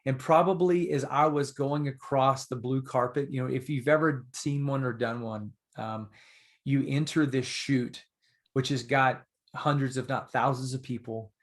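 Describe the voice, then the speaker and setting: A man guesting on a podcast, telling stories in a casual, animated and earnest way. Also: medium pitch, normal speed. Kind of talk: casual storytelling.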